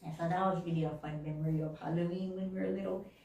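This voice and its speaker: A woman telling childhood stories during a sermon, animated and laughing often, acting out little voices along the way. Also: fairly low pitch, quick pace. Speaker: minister. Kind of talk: storytelling sermon. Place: church hall. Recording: very echoey room, mic at a distance.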